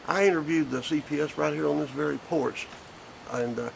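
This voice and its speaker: Gravelly blunt grandfather in his fifties. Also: on the high side, fairly quick, a little hiss or hum, rough recording. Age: 50s. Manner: blunt, indignant, folksy. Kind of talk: recorded statement. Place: porch outdoors.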